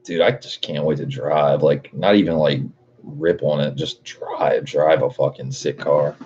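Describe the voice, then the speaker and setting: Male streamer, deep husky voice, laid-back and profane, reads chat aloud, muffled stream audio. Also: steady tone, measured pace, a little mellow. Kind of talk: casual livestream chat.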